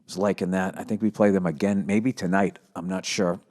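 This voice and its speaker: A man's voice: sits low, little pitch movement, brisk, darkish tone. A middle-aged man hosting a solo podcast, rambling sarcastically with lots of swearing and self-mockery. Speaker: podcast host.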